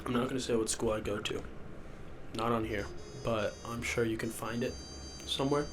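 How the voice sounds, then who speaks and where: A man's voice: mid-range voice, fairly even intonation, normal speed, noisy background. A sick young man with sniffles hosting a rambling solo podcast from a basement, loopy and self-deprecating. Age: young adult. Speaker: podcast host. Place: rented house basement.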